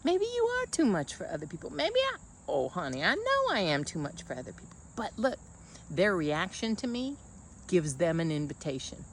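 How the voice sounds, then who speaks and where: A woman's voice: lowish voice, wildly swooping pitch, normal speed, slight background noise. A woman coaching in a casual motivational monologue, blunt and folksy, calling the listener honey.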